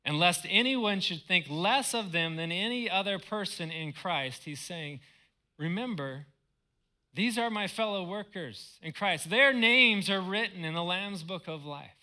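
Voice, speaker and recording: A man delivers a sermon as a pastor, earnest and stressing his points by repeating words. His voice is very bright and clear, sitting a touch high for a man. He is preaching in a church. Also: lively intonation, measured pace.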